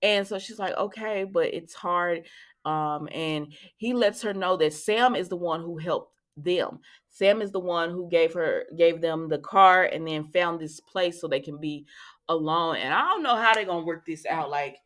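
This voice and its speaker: A woman hosting a casual soap opera recap, chatting and acting out the characters' lines with lively reactions. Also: lowish voice, a little slow. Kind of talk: casual chat.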